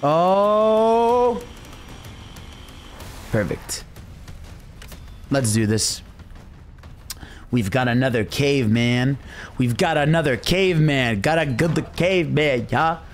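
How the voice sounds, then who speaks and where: A man's voice: medium pitch, a little slow, pauses often, slight background noise. A young man streaming a game from his room, chatting casually, humming tunes and cheering himself on. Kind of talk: casual gameplay commentary.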